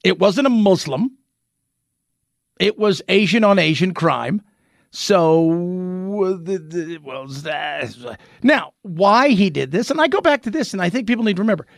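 A man with a fairly high voice hosts an opinionated news commentary. He talks in an animated, rhetorical way and keeps restarting his sentences. The sound is dry and close, with no room echo. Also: unhurried, vocal fry. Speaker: commentary show host.

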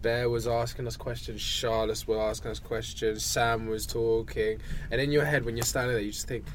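A young man telling animated stories as a guest in a casual chat. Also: medium pitch, moderate pace, slight background noise. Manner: animated storyteller, acts out quotes.

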